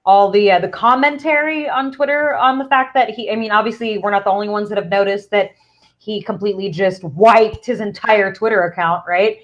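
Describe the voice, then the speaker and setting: A woman's voice: medium pitch, steady tone, fairly quick, lo-fi sound. A woman co-hosting a podcast in casual chat, chatty and teasing, often losing her thread and restarting. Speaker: podcast co-host.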